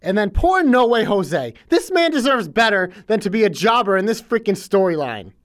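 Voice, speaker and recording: A man co-hosting a casual wrestling podcast, animated and sarcastic, swearing as he complains. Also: high voice, normal speed, noisy background. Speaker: podcast co-host.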